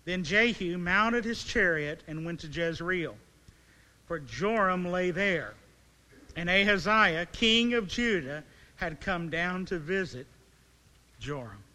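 A man preaching a sermon, reading scripture aloud and then retelling it as vivid storytelling with rhetorical questions and dramatic pauses. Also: high voice, lively intonation, bright, forceful tone. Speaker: pastor. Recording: long reverb of a large hall.

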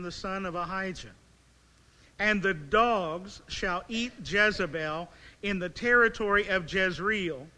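High, bright-voiced preacher in a reverberant hall. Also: male voice. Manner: reads scripture, then retells it as vivid dramatic storytelling; asks rhetorical questions with emphatic pauses. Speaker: pastor. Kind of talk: sermon. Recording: long reverb of a large hall.

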